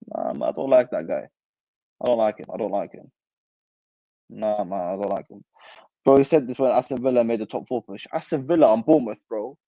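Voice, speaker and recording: A young man riffs on football and answers live chat, animated and full of slang. His voice is dark and mellow, recorded close and dry through a somewhat dull mic. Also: fairly low pitch, a little fast, pauses often, dry recording. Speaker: football channel host. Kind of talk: casual livestream chat.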